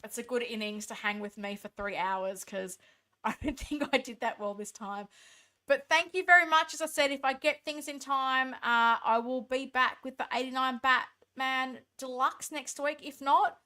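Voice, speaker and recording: Australian woman, stream host, tired late-night chat, higher pitched, bright tone, reads and answers comments. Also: moderate pace. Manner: reads viewer comments aloud and answers them, chatty and thankful. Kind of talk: casual live-stream chat.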